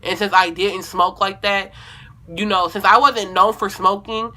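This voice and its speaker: A woman's voice: medium pitch, fairly even intonation, unhurried, pushed and bright. A young woman telling a storytime video at home in a casual, rambling way, correcting herself and swearing freely. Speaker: vlogger.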